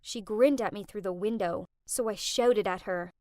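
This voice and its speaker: A young woman telling a dramatic first-person story for an animated storytime video, with emotional outbursts. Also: medium pitch, normal speed, hardly any pauses, dry recording, clean studio sound.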